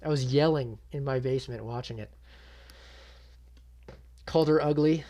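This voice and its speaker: A man's voice: medium pitch, normal speed, warm tone. A young man hosting his own channel, giving a casual reaction recap with blunt, swearing, exasperated commentary. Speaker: MMA channel host.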